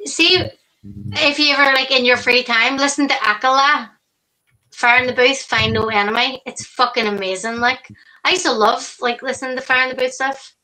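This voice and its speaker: A woman's voice: high-pitched, steady tone, normal speed, pushed and bright, low-quality recording. A woman co-hosting a live stream, chatting casually, swearing often and laughing easily. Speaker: co-host.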